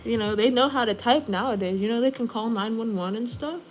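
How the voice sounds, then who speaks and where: A woman nail artist chatting casually on a livestream, animated and full of "like", talking while she works in her nail studio. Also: fairly high pitch, brisk, slight background noise, poor audio. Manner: chatty, animated, says "like" often. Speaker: nail artist streaming live.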